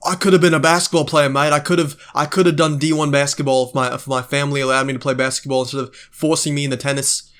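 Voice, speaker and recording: A man's voice: a little high, level tone, fast, few pauses, fairly bright tone, natural voice. A man putting on the voice of a complaining male tennis player who protests his innocence. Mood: whiny. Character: whiny, defensive male tennis pro.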